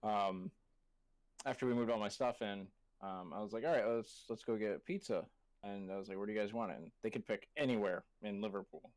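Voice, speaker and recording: A man telling a casual story on a live stream, relaxed and hesitant, with frequent fillers. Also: on the low side, fairly quick, dry recording. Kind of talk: casual chat, telling an anecdote.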